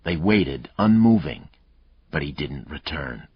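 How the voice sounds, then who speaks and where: A man narrates a thriller audiobook in a measured, dramatic way. His voice is very low and husky, with a lively rise and fall. The recording is dry and slightly dull. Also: dry recording.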